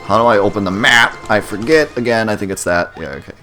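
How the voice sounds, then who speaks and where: Deep-voiced man rambling over gameplay. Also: fast talker, pushed and bright, soft background music. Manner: rambling and self-deprecating. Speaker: let's play host. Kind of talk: casual gameplay commentary.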